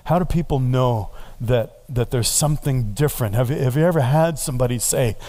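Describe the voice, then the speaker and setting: A man preaching, a pastor telling a story in a relaxed, conversational way and building to earnest prayer. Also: mid-range voice, brisk. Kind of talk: sermon.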